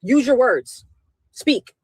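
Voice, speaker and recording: A woman's voice: a little high, lively intonation, slow, a little mellow, husky, no room sound, rough recording. A woman co-host giving emphatic, opinionated commentary and repeating her points.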